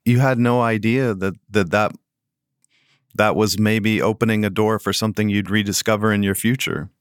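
A man's voice: on the low side, steady tone, moderate pace, smooth, no room sound, clean studio sound. A man hosting an interview, asking light, curious questions. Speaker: podcast host.

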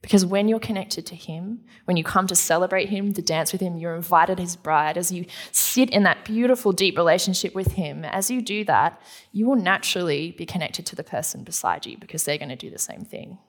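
A woman pastor delivers a sermon in an earnest, conversational tone. Her voice sits a little low for a woman. She slips into casual acted-out quotes as she preaches. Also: a little fast.

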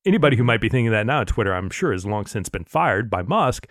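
A man co-hosting a political podcast, talking in a casual, animated and indignant way, swearing freely. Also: fairly low pitch, fast, no echo, studio quality. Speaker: podcast co-host.

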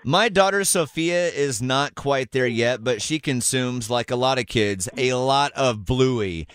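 A man hosting a morning radio show, chatting casually with jokes and quick asides. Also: mid-range voice, a bit bright, smooth, dry recording.

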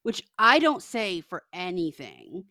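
Animated woman telling a story, dry mic. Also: fairly low pitch, unhurried, no room sound. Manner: animated, acts out both sides of phone calls. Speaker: podcast co-host. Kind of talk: casual storytelling chat.

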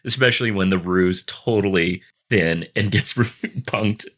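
An excitable man co-hosting a casual podcast, rambling eagerly through a film scene and stopping and restarting mid-sentence. His voice sits a little low, but the tone is bright and forceful. He keeps slipping into quoted voices as he retells the film. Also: measured pace. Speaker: podcast co-host. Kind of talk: casual chat.

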